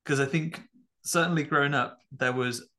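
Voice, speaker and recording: A man's voice: a little high, steady tone, moderate pace, bright, forceful tone. A man with a British accent, co-hosting a horror film podcast with wry, rambling humour. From Britain. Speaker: podcast co-host. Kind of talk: casual chat about horror films.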